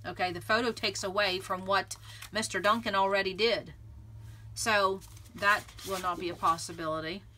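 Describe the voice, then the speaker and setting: A woman's voice: mid-range voice, steady tone, moderate pace, bright, forceful tone, slight background noise. A woman hosting a scrapbooking video, chatting casually and thinking aloud as she works in her craft room. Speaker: scrapbooking channel host.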